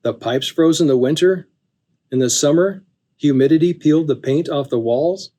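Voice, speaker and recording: A man reads a magazine story aloud in scripted narration. His delivery is calm and measured, his voice sitting a little high. The tone stays dark and mellow throughout. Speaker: narrator reading magazine stories.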